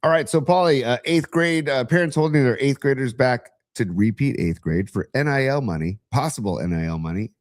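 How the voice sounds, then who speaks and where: A man's voice: mid-range voice, fairly quick, hardly any pauses, dry recording, clean studio sound. A man co-hosting a sports podcast, teasing his partner in a playful way during casual chat. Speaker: podcast co-host.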